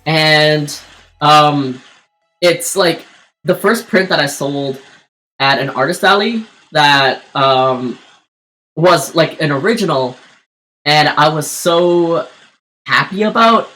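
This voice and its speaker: A woman's voice: sits low, slow, pauses often, a bit bright, faint music behind. A woman streamer telling a personal story in casual chat while drawing, rambling with lots of fillers and restarts. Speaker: streamer and artist.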